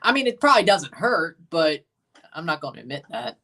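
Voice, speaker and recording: A man's voice: on the high side, sing-song, brisk, pushed and bright, breathy edge. Southern guy from mississippi doing a chill watchalong stream, chatty, repeats himself a lot. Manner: chatty, answers viewers' comments, repeats phrases. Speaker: livestream host. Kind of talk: casual livestream watchalong chat.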